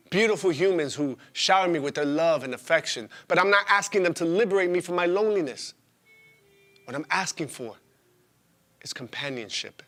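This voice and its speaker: A man in his twenties performing a theatrical spoken-word monologue, raw and profane, swinging from loud outbursts to hushed confession. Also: on the high side. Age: 20s.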